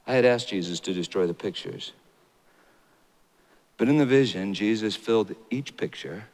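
A man preaching a sermon, dramatic and rising to loud high peaks. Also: normal speed. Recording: long hall reverb.

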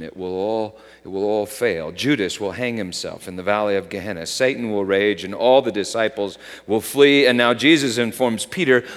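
A man preaching a sermon, swinging from loud, raised lines to hushed, dropped ones. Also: fairly low pitch. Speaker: pastor. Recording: long hall reverb.

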